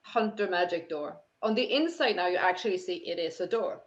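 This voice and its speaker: A woman narrating a tabletop game as game master, describing scenes slowly with many fillers and restarts. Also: on the low side. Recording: dull lo-fi sound.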